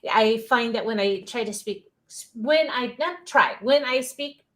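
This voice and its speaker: A woman's voice: on the high side, measured pace, fairly bright tone. A woman hosting a live-streamed interview show, chatty and upbeat, cheering her listeners on. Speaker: podcast host.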